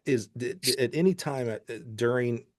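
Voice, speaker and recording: A male podcast host in a casual interview, with a voice of ordinary pitch. He stammers and restarts his questions, feeling his way toward what he wants to ask. His tone is relaxed and conversational. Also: normal speed.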